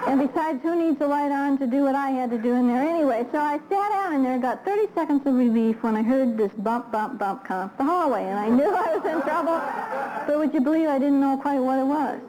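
A woman's voice: sits high, fairly quick, a crowd in the background, background noise. A middle-aged woman speaking at a recovery workshop, telling self-deprecating stories with humor and laughing at her own anecdotes. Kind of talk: humorous personal storytelling lecture.

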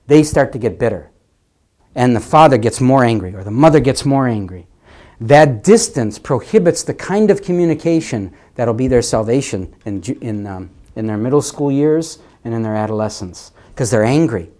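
A man preaching a sermon, animated, swinging between loud emphasis and hushed asides, often repeating words. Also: mid-range voice.

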